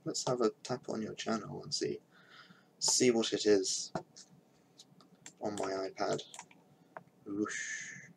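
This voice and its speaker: A man's voice: fairly low pitch, steady tone, slow pace, vocal fry, pauses often, a little hiss or hum, poor audio. A young man thinking aloud in casual commentary while he builds a game map on a live stream, with mumbled asides as he works.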